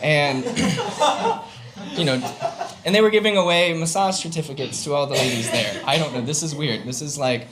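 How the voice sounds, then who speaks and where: A man's voice: on the high side, very animated, normal speed, heavy background noise. Chatty young man telling a story. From Southern United States. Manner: chatty, filler-heavy, laughs while telling. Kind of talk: live comic storytelling. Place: stage before a live audience.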